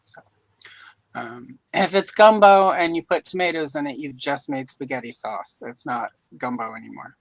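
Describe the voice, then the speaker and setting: A woman's voice: very deep voice, moderate pace, creaky, no echo, low-quality recording. A woman from Louisiana hosting a casual live-stream chat, joking and rambling with self-deprecating asides. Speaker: host. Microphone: video call mic.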